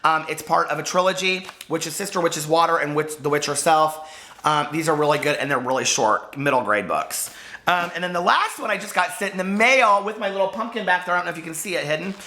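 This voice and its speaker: A man chatting to camera as a book vlogger, gushing and full of fillers, hoarse from losing his voice. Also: on the high side, expressive, a little fast, bright, forceful tone. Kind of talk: casual chat to camera.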